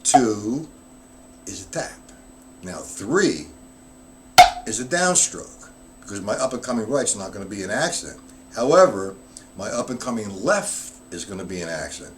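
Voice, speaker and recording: A man's voice: fairly low pitch, big pitch swings, a little slow, pauses often, noisy background. A man teaching drum rudiments on a live stream. He explains technique step by step, counts beats aloud, and answers viewers' chat comments.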